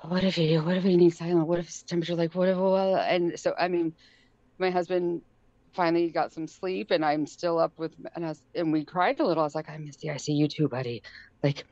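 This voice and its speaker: On a podcast, a middle-aged woman guest tells a story casually in a fairly low voice, a little fast, with no echo but a dull lo-fi sound. She's animated, laughs often, and acts out what people said.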